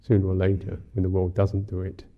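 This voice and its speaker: Monk man musing through a dharma talk, husky creaky voice, sounds like a thin phone-ish recording. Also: sits low, monotone, narrow, tinny audio. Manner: musing, unhurried, wry, many "you know" fillers. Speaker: Buddhist monk teacher.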